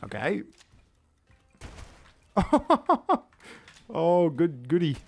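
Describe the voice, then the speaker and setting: Lively chatty man narrating gameplay. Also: on the high side, moderate pace, soft background music. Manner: chatty, self-mocking, reacts aloud to gameplay. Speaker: gaming video creator. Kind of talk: let's play commentary.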